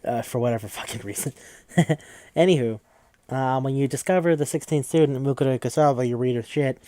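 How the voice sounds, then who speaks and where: A man's voice: mid-range voice, a little fast, mellow, dry recording, studio quality. A man hosting a podcast who recaps a game in a casual, rambling way, swearing often and full of fillers. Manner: rambling, profane, with frequent fillers. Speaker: podcast host.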